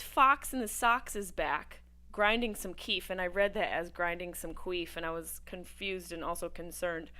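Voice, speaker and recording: A woman's voice: on the low side, moderate pace, bright, forceful tone. Brash profane woman hosting a livestream. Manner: brash and profane, jumping between topics. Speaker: host. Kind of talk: casual livestream watch-party chat.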